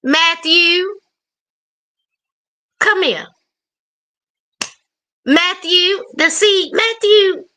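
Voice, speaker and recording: A woman recaps a reality show in a casual, sassy way. Her very high voice is bright and sharp, and she talks slowly, drawing out her words. She scolds the people on screen as if they could hear her. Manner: sassy, animated, addresses people on screen directly.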